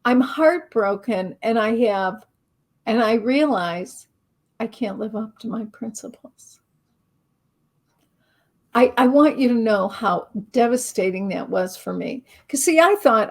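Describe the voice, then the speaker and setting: This interview guest, a middle-aged woman who writes and teaches on spiritual matters, speaks at a fairly high pitch and a measured pace. Her story is lively and self-mocking, and she voices her own thoughts as if performing them.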